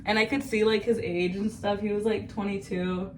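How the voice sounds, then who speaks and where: A young woman in her twenties talks on and on in a loose, chatty way, full of slang and swearing. Her voice sits at an ordinary middle pitch and is picked up from a little way off the mic. A faint hiss of background noise runs underneath. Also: little pitch movement, moderate pace, darkish tone, distant mic. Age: 20s. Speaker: vlogger. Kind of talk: rambling casual monologue. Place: at home while cutting her hair.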